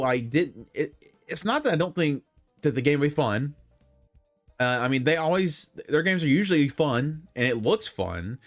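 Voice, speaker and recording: A young man rambling through casual opinions on video games, full of fillers and self-corrections. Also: fairly high pitch. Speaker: gaming commentator.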